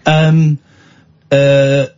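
A man's voice: mid-range voice, completely flat delivery, extremely slow, a little mellow, lo-fi sound. A man hosting a radio show, bantering in a teasing, mock-exasperated, jokey way.

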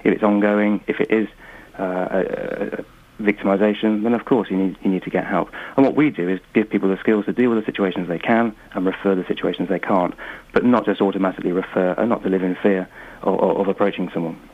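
A man speaking down a tinny phone line, patient and measured despite the fast pace. His voice sits on the low side, and fillers dot his steady explanations. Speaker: guest from a mediation group. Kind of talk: calm explanatory phone interview.

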